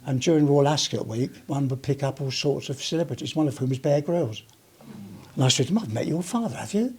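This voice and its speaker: An older man, retired from the police, gives a chatty, rambling talk full of anecdotes to a live audience at a heritage gallery, often restarting his sentences. His mid-range voice is steady and fairly quick, with a little hiss or hum in the background.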